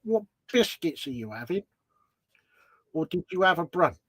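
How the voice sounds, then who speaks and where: A man's voice: a little high, sing-song, normal speed, a bit bright, husky, no echo. A man co-hosting a casual livestream, playful as he puts chatty questions to viewers. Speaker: co-host.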